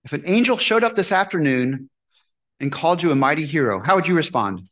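A male pastor preaching with lots of movement in his voice, rising and falling as he asks questions and answers them himself. His voice sits a little high for a man. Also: a little fast. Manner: animated, asks the congregation questions. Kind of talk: sermon.

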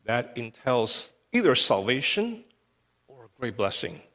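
A man's voice: medium pitch, very animated, unhurried, a bit bright. A male pastor preaching a sermon with emphasis, often checking in with "okay". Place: church sanctuary. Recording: long reverb of a church hall.

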